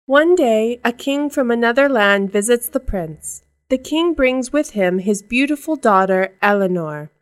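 A woman narrating a storybook aloud in a calm, measured way. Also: fairly high pitch.

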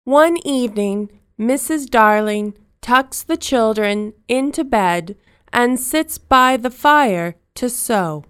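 A woman narrating a children's storybook in simple, slow, clearly spoken sentences. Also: on the high side, lively intonation, fairly bright tone, no echo, studio quality.

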